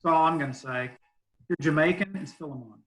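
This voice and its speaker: A youth pastor from Southeast Arkansas with a Southern accent, talking easygoingly on a video call, laughing often and leaning on fillers. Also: male voice, a little high, fairly quick, poor audio. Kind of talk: casual video call chat.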